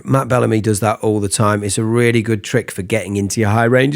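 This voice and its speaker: A man giving a casual singing lesson, explaining vocal technique between falsetto sung examples. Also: normal speed, creaky, few pauses, a little mellow. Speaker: singing teacher.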